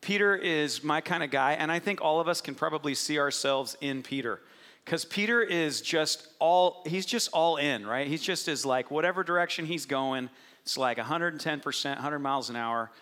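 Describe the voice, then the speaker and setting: A man preaching an Easter sermon to a congregation, animated and playful, telling the story with lively acted-out quotes. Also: a little high, moderate pace. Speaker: pastor. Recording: echoey hall with long reverb.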